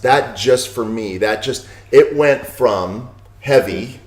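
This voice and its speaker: A middle-aged author and lawyer, appearing as a podcast guest, chats casually and tells anecdotes, peppering them with "you know" and "right?" asides to his listener. His medium-pitched voice is slow yet barely pauses, in a recording with roomy echo.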